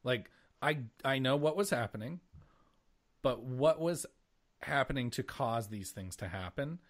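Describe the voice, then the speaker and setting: A man co-hosting a casual podcast, talking with a lively, swinging pitch. He swears freely, laughs a lot and gets worked up. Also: measured pace. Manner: animated, swearing, laughs often. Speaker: podcast co-host. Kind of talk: casual chat.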